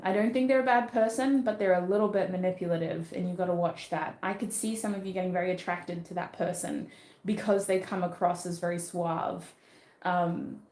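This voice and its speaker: A woman's voice: mid-range voice, darkish tone, echoey room. A woman with an Australian accent giving a casual tarot reading. She talks in a chatty way and thinks aloud, with fillers and restarts. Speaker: tarot reader.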